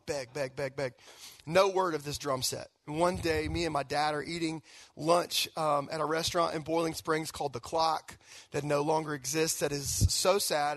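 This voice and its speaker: A man's voice: a little high, no echo. A man in his thirties, a guest pastor, giving a conversational sermon full of personal stories and casual fillers. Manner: conversational, animated storytelling with fillers.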